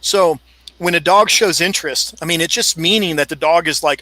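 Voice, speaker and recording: A man's voice: a little high, moderate pace, sharp tone, dry recording, low-quality recording. A man in a casual podcast discussion, explaining at length and acting out what a dog would say. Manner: explains at length, acts out dog thoughts in quotes. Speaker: dog handling expert guest.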